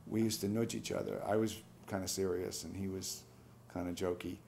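A man in his sixties, a veteran, telling a personal memory in a halting, reflective, soft-spoken way. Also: deep voice, fairly even intonation, creaky, a little hiss or hum. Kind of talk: personal testimony.

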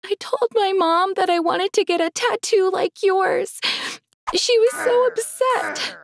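A woman's voice: very high-pitched, measured pace, slight background noise, pitched above the performer's own voice. A woman voicing a distraught young best friend who speaks tearfully. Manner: tearful, pleading.

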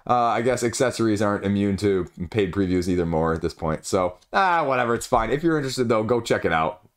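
A man's voice: on the low side, expressive, brisk. A young man casually reviewing board game crowdfunding campaigns, rambling with wry asides. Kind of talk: casual video commentary.

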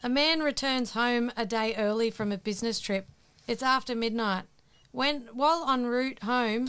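A woman co-hosting a podcast, reading out jokes in a brisk, matter-of-fact way. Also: a little high, a bit bright, clean tone. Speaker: co-host telling jokes.

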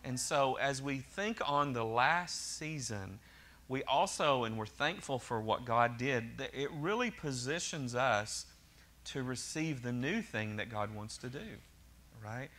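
A bright, forward-voiced man from Oklahoma preaches to his congregation. He talks in an easy, conversational way, often restarting sentences and dropping in joking asides. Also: mid-range voice, lively intonation, a little slow. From Oklahoma, USA. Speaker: pastor. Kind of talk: sermon.

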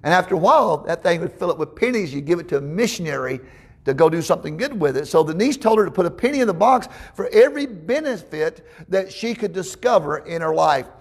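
A man's voice: high-pitched, expressive, fast, husky. A man preaching a sermon, telling homespun stories with frequent stammered restarts and asides to the congregation.

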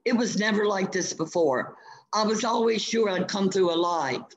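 A man's voice: high-pitched, lightly acted, low-quality recording. A male teacher reading aloud, voicing a frightened big-game hunter who wants out. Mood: panicked. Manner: frightened, rushed pleading.

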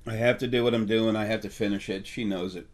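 A middle-aged man hosts an unscripted spiritual talk, his voice sitting a little low. He rambles and halts, piling up fillers and restarting his sentences. Now and then his voice catches with emotion. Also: fairly even intonation, quick pace.

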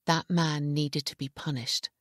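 A woman narrating an audiobook in a hushed, measured way, recorded in a studio booth. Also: low-pitched, fairly even intonation, dry recording. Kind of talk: scripted narration.

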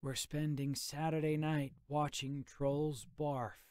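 A man's voice: fairly high pitch, level tone, slow pace, a little mellow, no echo, studio quality, voice pushed up. A man reading an audiobook, voicing a wisecracking, sarcastic teenage boy.

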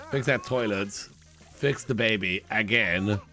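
A man hosting a let's play, chatty and playful, often laughing and slipping into quick character voices. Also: lowish voice, sharp tone, faint music behind. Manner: voices his game characters in quick asides. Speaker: gaming channel host.

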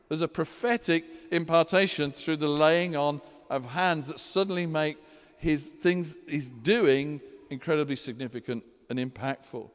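A man delivers a sermon from the front of a church, animated and storytelling as he walks through scripture. His voice sits a little high for a man, and the hall around him rings with a long, lingering reverb. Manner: animated preacher, acts out scripture scenes in a high panicky voice. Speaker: pastor.

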